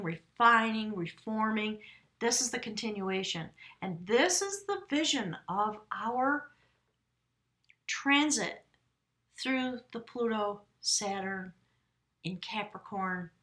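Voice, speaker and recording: Bright-voiced woman giving a tarot reading. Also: mid-range voice. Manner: effusive, rambling, spiritual; talks directly to viewers, often self-correcting. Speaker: tarot reader. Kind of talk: casual spoken tarot reading.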